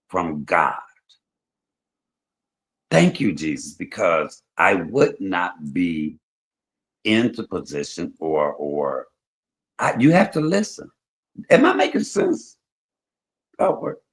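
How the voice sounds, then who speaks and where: Low-voiced guy hosting a live chat, super animated storytelling, voice jumps all over. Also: takes it slowly, long pauses. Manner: animated storytelling, swinging between loud and soft. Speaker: livestream host. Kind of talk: casual chat.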